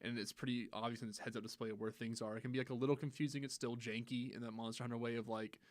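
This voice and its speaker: A young man chatting on a gaming podcast at a quick clip, his voice dry and close with no room around it. He is animated and swears freely, often jumping into loud acted-out lines as he retells his play. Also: mid-range voice, no room sound. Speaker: podcast co-host. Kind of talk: casual gaming podcast chat.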